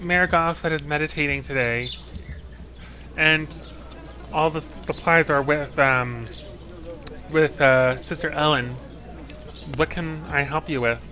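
A man's voice: fairly high pitch, fairly even intonation, takes it slowly, pauses often, bright, forceful tone. A man voicing a female half-orc temple attendant in a tabletop game, speaking plainly and helpfully with small hesitations.

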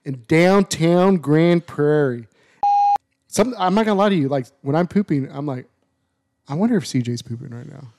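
A man co-hosting a podcast in casual banter, loud and excitable, prone to raising his voice. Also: on the high side, fast talker, creaky, noisy background. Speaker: podcast co-host. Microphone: studio microphone.

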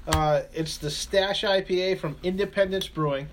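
A relaxed man co-hosting a radio show, talking in a fairly high voice. He rambles along with plenty of ums and uhs, in easy casual chat. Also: moderate pace, faint music behind. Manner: laid-back, rambling, many fillers. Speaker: radio show co-host reviewing beer.

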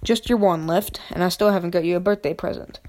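Woman reading as gruff giant Hagrid. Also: fairly low pitch, fast talker, a little mellow, close to an everyday voice. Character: gruff giant male groundskeeper. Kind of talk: reading a novel aloud.

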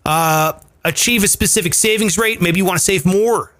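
A man's voice: sits high, normal speed, fairly bright tone. A man hosting a casual chat show, explaining money tips with emphatic, profane energy. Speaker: podcast host.

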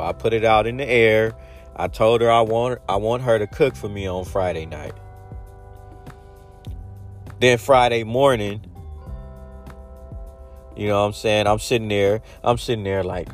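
A man's voice: fairly low pitch, measured pace, pauses often, soft background music. A man in a casual monologue giving blunt dating advice, acting out little scenes as he goes. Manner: blunt, animated storytelling with acted-out quotes.

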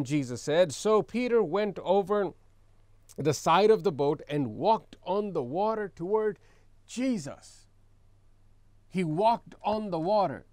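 A man's voice: sits high, animated, slow pace, a little mellow, no echo. Man, pastor preaching a sermon, dry close sound, calls the crowd to repeat after him. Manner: reads scripture aloud, then explains with emphatic repetition; leads the congregation in call-and-response.

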